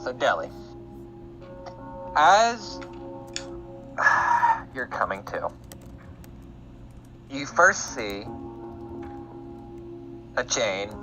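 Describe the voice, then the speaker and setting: A man's voice: mid-range voice, huge pitch swings, very slow, long pauses, low-quality recording. A man narrating a tabletop game as the game master, describing scenes and laughing often. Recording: background music under voice. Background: music.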